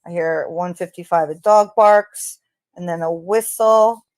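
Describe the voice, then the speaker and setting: A woman hosting a true crime channel, talking casually in an unhurried, hesitant way with frequent ums. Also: on the low side, a little mellow, dry recording. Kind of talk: casual spoken commentary.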